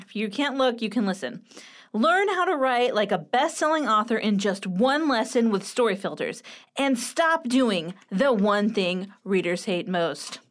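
A woman in her thirties hosting a casual writing show, chatty and playful, with quick asides, recorded at home. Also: medium pitch. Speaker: writing coach and podcast host. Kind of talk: casual chat with book critique. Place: home room with a clicking heater.

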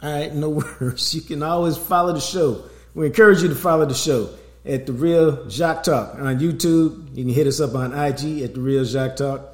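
A man's voice: on the high side, fairly quick. A middle-aged man hosting a sports podcast, talking in a loose, streetwise way and slipping in promo plugs. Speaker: podcast host. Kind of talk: casual sports podcast chat. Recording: roomy echo.

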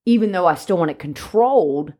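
A woman with a low-pitched voice talks through dog training in a relaxed podcast chat. She lays out her points with plenty of everyday examples, in a conversational, unhurried way. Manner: explains by steady examples, talkative.

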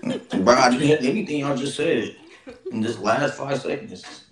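A man's voice: medium pitch, measured pace, a crowd in the background. A man talking from his car into a phone pressed to his mouth, exasperated and swearing as he laughs off the bad connection. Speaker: podcast guest. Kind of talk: casual chat over a call. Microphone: phone held close.

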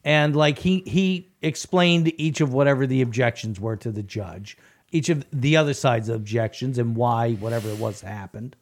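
A man's voice: mid-range voice, normal speed. A man co-hosting a local news podcast, telling stories in casual banter and acting out the people in them. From United States. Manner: animated storyteller, acts out courtroom quotes.

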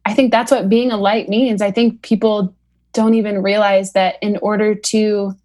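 A woman guest on a podcast, speaking earnestly and reflectively in slow, deliberate phrases with pauses. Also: medium pitch, flat delivery, a little mellow. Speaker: podcast guest, founder of athlete program. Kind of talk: heartfelt podcast conversation.

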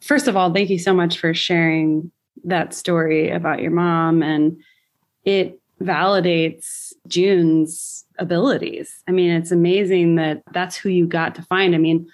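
A woman host in an interview conversation, speaking earnestly and in a measured way, pausing to find her words. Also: on the low side, fairly even intonation. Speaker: podcast host.

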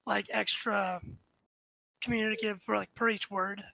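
A woman playing a tabletop game, speaking quietly and asking questions. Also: mid-range voice, little pitch movement, moderate pace, creaky, no room sound, poor audio. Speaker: player. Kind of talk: casual tabletop play.

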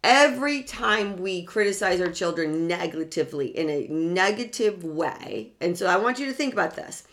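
A woman's voice: lowish voice, expressive, normal speed, fairly bright tone. A woman giving a motivational self-help talk to an audience. She speaks earnestly, repeats key words and asks rhetorical questions as she goes.

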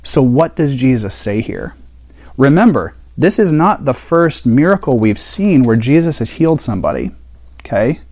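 A man's voice: mid-range voice, sing-song, normal speed, a little mellow. A man teaching a Bible study in a conversational way, explaining and asking rhetorical questions.

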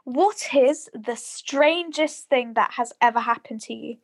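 High-voiced British teen girl, slow. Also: soft background music. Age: teens. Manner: giggly, hesitant. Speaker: podcast co-host. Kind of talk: casual chat.

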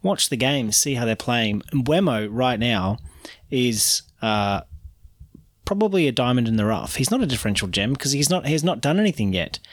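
A man trades cheeky jokes as co-host of a casual podcast. His pitch is average. The recording is dry and close-miked. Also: big pitch swings, normal speed, no room sound. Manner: cheeky, jokey.

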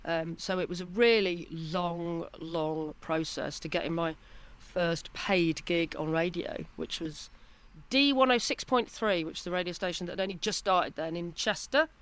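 A woman in her fifties, a broadcaster telling stories as an interview guest in a lively, self-deprecating way. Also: fairly low pitch, normal speed. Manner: animated, self-deprecating storytelling. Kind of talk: casual interview chat.

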